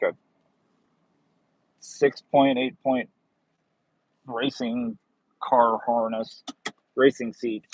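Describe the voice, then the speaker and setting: A man's voice: medium pitch, little pitch movement, very slow, pauses often, slightly rough, no echo, lo-fi sound. Easygoing man chatting from his car. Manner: easygoing, chatty, jokes at himself. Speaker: livestreaming delivery driver. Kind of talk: casual live chat, answering viewers' comments. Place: in a car while driving.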